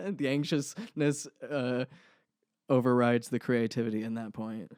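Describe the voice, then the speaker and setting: A young man chatting on a podcast, telling rambling, self-deprecating stories and laughing easily. The voice is mid-pitched and sits close to the mic in a dry, deadened space. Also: a little slow, a little mellow, clean tone, dry recording. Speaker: podcast co-host. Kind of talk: casual chat.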